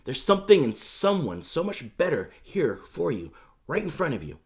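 A tender, reassuring Jesus, put on by a male preacher in a sermon retelling, soft and pleading. His pitch rises and falls in lively swings, set a little high. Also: normal speed. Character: tender, gentle risen Jesus, grown man.

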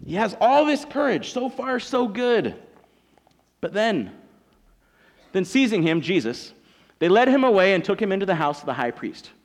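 A man preaching a sermon as pastor, telling a story with animated acted-out voices. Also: high-pitched, moderate pace, pauses often.

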